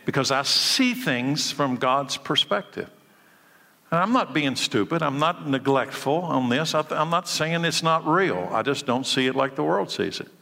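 A bright, forceful male pastor delivering a sermon with emphatic conviction. He swings between urgent declarations and hushed, quiet passages. His voice rings out with a long hall reverb. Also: fairly high pitch, lively intonation, moderate pace, gravelly. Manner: emphatic preaching, drops to hushed tones for stories.

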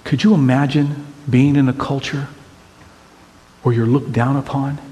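A man preaching a sermon as pastor, conversational and teasing, swinging between loud emphatic bursts and hushed quiet lines. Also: medium pitch, flat delivery, a little slow, in a large hall. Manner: conversational and teasing, with rhetorical questions.

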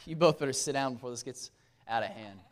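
A man preaching a casual sermon at a youth camp, joking and talking straight to the audience with quick asides. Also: mid-range voice.

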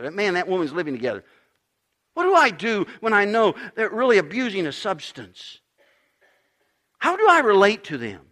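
A middle-aged pastor preaching a sermon, emphatic, dropping to a hush and then rising loud again. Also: male voice, very high voice. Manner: emphatic preaching, swinging between loud and hushed.

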